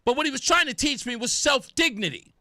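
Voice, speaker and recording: A man's voice: extremely high pitch, animated, brisk, sharp tone, no room sound. A young man hosting a talk radio show, delivering an emphatic, sarcastic opinion monologue into a studio microphone. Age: young adult.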